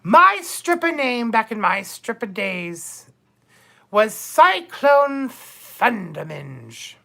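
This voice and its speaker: A man's voice: extremely high pitch, vocal fry, sharp tone, exaggerated voice. A man playing a bawdy, gossipy older duchess on a comedic live stream, theatrically calling viewers darling and my dears.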